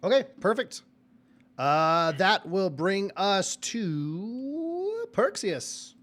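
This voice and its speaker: A man's voice: sits high, big pitch swings, drawn-out words, a bit bright. A man running a tabletop game as dungeon master, narrating animatedly with many fillers.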